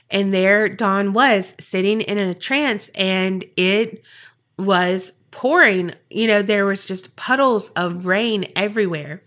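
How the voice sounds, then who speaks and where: A woman's voice: mid-range voice, slow pace, a bit bright. A woman podcast host telling a story in a chatty, casual way with wry asides.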